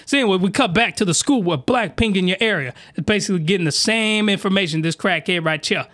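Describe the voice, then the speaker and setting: Young man podcast host, high bright voice, crude rambling recap, close mic. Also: fast talker, no echo. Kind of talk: crude comedic anime recap.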